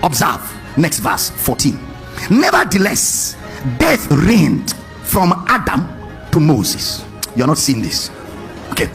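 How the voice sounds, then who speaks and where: A male preacher giving a lively sermon, questioning his congregation and stretching words in a sing-song way. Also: high voice, creaky.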